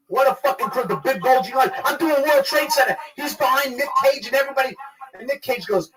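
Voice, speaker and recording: A man with a New York accent telling a profane story as a guest, loud and excitable, acting out the quotes. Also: very high-pitched, fast talker. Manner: loud, excitable, swears a lot, acts out quotes. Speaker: guest actor. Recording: distant mic, noisy crowd behind.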